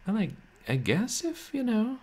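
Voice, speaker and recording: Man, game streamer, soft somnolent voice, wry and relaxed, chuckles often, lively pitch. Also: a little slow. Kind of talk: casual chat with stream viewers. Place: home room, roommates nearby.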